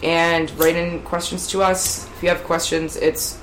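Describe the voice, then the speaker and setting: A woman's voice: fairly low pitch, level tone, a little slow. A woman co-hosting a candid podcast from her living room, talking bluntly and profanely with frequent giggles. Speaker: podcast co-host. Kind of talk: candid casual chat. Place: living room in a city apartment. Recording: roomy room with loud street noise.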